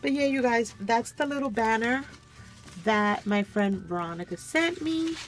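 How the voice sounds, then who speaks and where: Faint music plays behind a crafting channel host as she shows off a gift package at her craft desk at home. She is expressive and measured, gushing over everything and addressing viewers as "you guys," even though she sounds a little tired from a cold she is coming down with. The talk is a casual unboxing show-and-tell.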